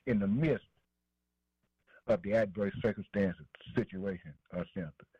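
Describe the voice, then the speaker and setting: Speaking unhurriedly in a fairly low voice with a breathy edge, this male preacher rolls through a repetitive, rhythmic sermon. He punctuates lines with fillers like "man" and "boy," call-and-response fashion, over a dry, dull lo-fi radio sound.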